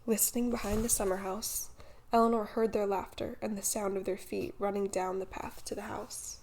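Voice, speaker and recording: Audiobook narrator, woman, creaky texture, calm measured reading. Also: mid-range voice. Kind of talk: scripted novel narration.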